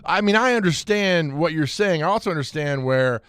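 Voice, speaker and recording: A man co-hosting a casual sports talk radio show in a studio, animated and quick to laugh, drifting into rambling asides. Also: a little high, smooth, no echo. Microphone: studio mic.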